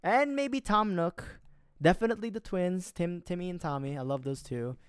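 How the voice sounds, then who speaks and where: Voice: mid-range voice, moderate pace, clean tone, no room sound, clean studio sound. Joking video game streamer. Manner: joking, drops suddenly to a hushed mutter. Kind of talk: casual gaming livestream commentary.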